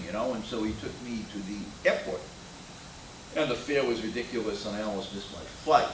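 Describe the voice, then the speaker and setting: Older male keynote speaker, bright tone, blunt and anecdotal, picked up from afar in an echoey hall. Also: mid-range voice, slight background noise. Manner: opinionated, anecdotal, with frequent uh fillers. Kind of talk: conference keynote talk. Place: conference hall. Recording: roomy hall sound from a distant mic.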